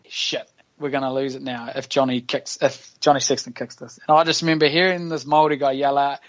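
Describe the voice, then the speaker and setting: Brisk and level in tone, a mid-range male voice with a Kiwi accent belongs to a professional rugby player guesting on a podcast. He spins stories in loose, slangy chat and breaks into laughter frequently.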